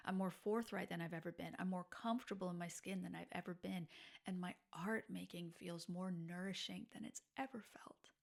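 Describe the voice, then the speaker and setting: A woman in her forties hosting a podcast, telling personal stories in a candid, reflective monologue that sometimes drops to a soft, breathy near-whisper. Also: fairly low pitch, fairly even intonation, normal speed. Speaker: podcast host.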